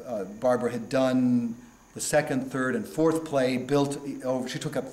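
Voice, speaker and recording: A man's voice: mid-range voice, steady tone, darkish tone. American man telling stories in an echoey room. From California. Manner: unhurried, with frequent restarts and trailing off. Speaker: stage actor being interviewed. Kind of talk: reflective storytelling interview. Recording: roomy echo, faint background noise.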